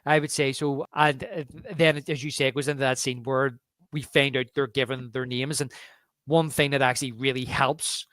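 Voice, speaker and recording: A man's voice: mid-range voice, steady tone, moderate pace, fairly bright tone, dry recording, studio quality. A man co-hosting a podcast, chatting casually about a film and retelling favourite scenes with relish. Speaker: podcast co-host.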